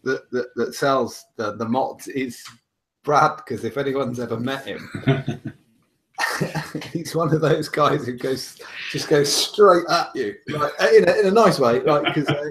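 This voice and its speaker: A man co-hosting a casual chat show, talking with excitable energy. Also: mid-range voice, measured pace, slight background noise. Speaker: co-host.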